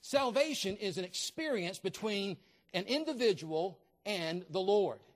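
A man with a noticeably high voice delivers a fervent sermon as a visiting preacher. He builds his points by repeating key phrases and lands them with conviction. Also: expressive, unhurried.

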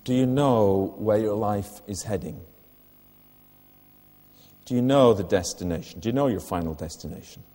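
A man's voice: lowish voice, moderate pace, pauses often, warm tone, in a large hall. An older man preaching a sermon in church, earnest, putting direct questions to the listeners.

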